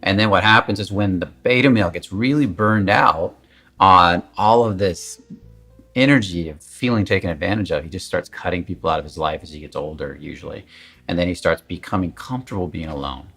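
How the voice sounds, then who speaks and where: Deep, husky male coaching voice. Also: fast, a bit bright, soft background music. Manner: candid, emphatic, conversational, swears at times. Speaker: confidence coach. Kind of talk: casual coaching talk to camera.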